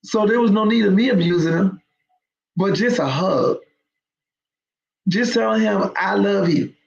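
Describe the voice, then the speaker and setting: Host: woman with a gravelly edge, emphatic storyteller, roomy dull lo-fi recording. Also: mid-range voice, measured pace, a little mellow. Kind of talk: storytelling talk to viewers.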